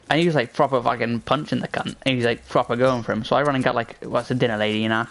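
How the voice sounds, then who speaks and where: A man's voice: mid-range voice, steady tone, rapid-fire, few pauses, fairly bright tone. A young man chatting casually with a friend, telling stories full of swearing and laughter. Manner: swearing storyteller, laughs often. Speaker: gaming channel host.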